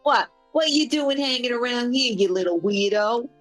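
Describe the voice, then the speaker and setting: A woman voicing a gruff, put-upon male ranch hand in a put-on New York accent, complaining in a drawn-out way. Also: on the high side, lively intonation, no room sound, faint music behind, close to an everyday voice, poor audio. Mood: grumbling.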